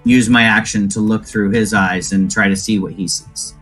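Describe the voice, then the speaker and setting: A man's voice: fairly low pitch, steady tone, moderate pace, fairly bright tone, faint music behind. A man playing a tabletop game, explaining his moves in a thoughtful, hesitant way with many fillers. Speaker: player. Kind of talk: casual tabletop play.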